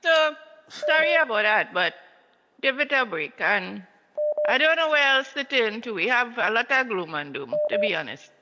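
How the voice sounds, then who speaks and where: Trinidadian woman caller, bright sharp voice, muffled line, mouth full. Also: a little high, very animated, moderate pace, slight background noise. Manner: eating breakfast while talking, exasperated. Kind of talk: phone-in complaint. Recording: dull phone line with reverb.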